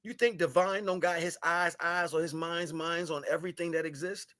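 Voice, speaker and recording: A man on a livestream giving a spiritual monologue, shifting between solemn murmurs, loud scolding and slangy, laughing chat with viewers. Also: fairly high pitch, steady tone, normal speed. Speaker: live stream host. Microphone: live stream microphone.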